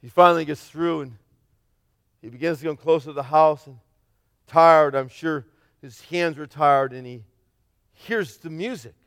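High-voiced preacher swinging loud to soft. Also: male voice, measured pace, long pauses, clean tone, no room sound, clean studio sound. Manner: dramatic, swings from loud shouts to near-whispers; acts out the parable's characters in his own voice. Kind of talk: sermon.

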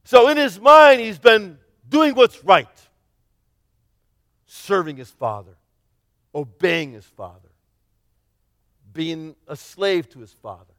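A man preaching a sermon, retelling a parable with dramatic swings from shouting to near-whispers and acting out the characters. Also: high-pitched, animated, slow, long pauses, no room sound, clean studio sound. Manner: acts out the parable's characters in his own voice.

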